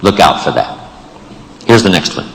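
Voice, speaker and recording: A man's voice: low-pitched, big pitch swings, moderate pace, vocal fry, big-room sound, a little hiss or hum, low-quality recording. A man giving an emphatic motivational speech to a live audience in a large event room, building rhetorical lists of phrases. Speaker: motivational speaker.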